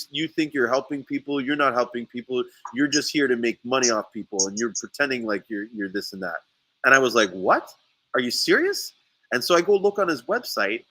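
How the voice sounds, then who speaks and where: A man recounting a feud in an animated, heated way, cursing freely and tripping over his own words. His voice is bright and forward. It sounds like a casual podcast conversation. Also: medium pitch, dry recording, low-quality recording. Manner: animated storytelling, swears often, many restarts. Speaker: sea moss seller. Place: St. Lucia.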